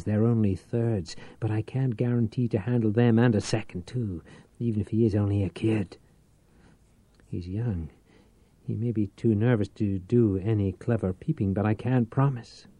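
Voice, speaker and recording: A man's voice: lowish voice, normal speed, dark tone, slightly rough, no room sound. A man reading a nervous, pleading accomplice. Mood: urgent. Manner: urgent, pleading.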